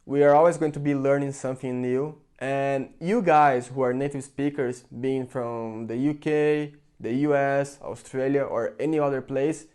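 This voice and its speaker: A man's voice: mid-range voice, steady tone, normal speed, few pauses, darkish tone, clear, resonant tone. A young man from Brazil, speaking English with a Brazilian Portuguese accent, giving an earnest, chatty opinion to his viewers with lots of "like" fillers. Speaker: vlogger. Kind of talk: casual opinion talk to camera.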